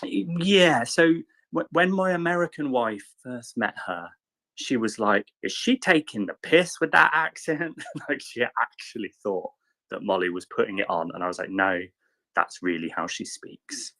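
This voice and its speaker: A man in casual chat, telling a rambling anecdote with lively quoted voices. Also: lowish voice, a little slow. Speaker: panelist.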